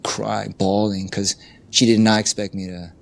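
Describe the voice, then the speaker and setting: Gravelly and lowish, the voice of a middle-aged life coach stays level and measured as he tells frank, conversational stories in an interview. He imitates the people he quotes and frequently says "you know."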